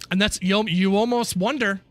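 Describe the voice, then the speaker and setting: A man streaming a game and chatting casually with viewers, animated and profane, ranting between laughs. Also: high-pitched, normal speed. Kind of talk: casual livestream chat while gaming.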